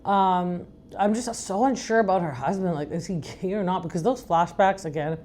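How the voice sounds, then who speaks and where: A middle-aged woman with a low, raspy, slightly husky voice hosts a podcast recap. She talks in a frank, rambling, casual way and often circles back to her point. She is from Iran. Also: moderate pace, darkish tone, slight background noise. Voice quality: deep, raspy voice. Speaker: podcast host.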